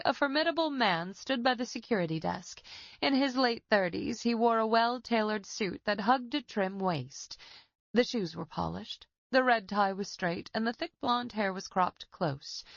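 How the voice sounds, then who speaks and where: A woman narrating a suspense audiobook in a steady, even reading. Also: medium pitch, vocal fry, no room sound, highs cut off. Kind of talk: scripted narration.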